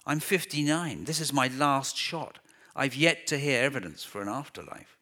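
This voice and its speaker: A man voicing a calm husband of about sixty who speaks in a matter-of-fact way in an audiobook reading. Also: medium pitch, normal speed, voice pushed up.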